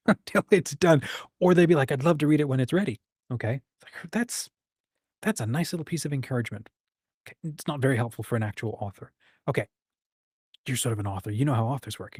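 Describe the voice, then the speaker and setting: A man's voice: mid-range voice, darkish tone, slightly rough, dry recording, clean studio sound. A man hosting a casual livestream chat, encouraging and thinking aloud as he acts out quoted voices. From United States. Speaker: livestream host.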